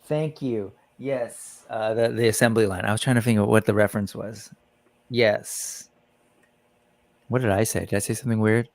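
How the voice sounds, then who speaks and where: A man hosts a laid-back live stream, greeting viewers in the chat by name. His voice has a gravelly edge. The sound is dry and close. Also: on the low side, steady tone, moderate pace, darkish tone, no room sound. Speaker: livestream host. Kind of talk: casual livestream chat.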